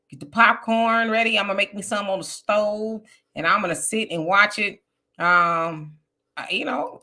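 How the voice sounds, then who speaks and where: A woman hosting a live political talk stream, reading chat comments aloud and answering them bluntly in a casual, animated way. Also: mid-range voice.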